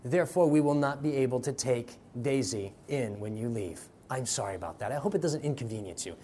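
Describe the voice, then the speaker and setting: A male preacher voicing a polite woman neighbor who apologizes softly. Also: medium pitch, expressive, brisk, slight background noise, pitched below the performer's own voice, close to an everyday voice. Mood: apologetic. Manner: apologetic, soft and formal.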